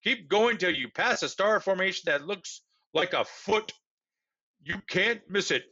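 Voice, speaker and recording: A man voicing a commanding alien who speaks over a radio, slow and loud, on a dull lo-fi recording. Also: sits high, animated, exaggerated voice. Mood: grand. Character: booming alien voice from another planet.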